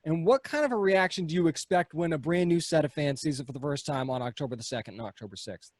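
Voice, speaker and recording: A man's voice: a little high, quick pace, dry recording, clean studio sound. A male podcast host interviewing two actors in a casual, playful, teasing way.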